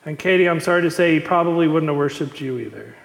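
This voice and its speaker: A man with a high voice preaches a sermon, retelling the story with lively emphasis and repeated phrases. His voice rings through a reverberant hall, with a long echo trailing his words. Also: fast, vocal fry. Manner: animated storytelling with emphatic repetition.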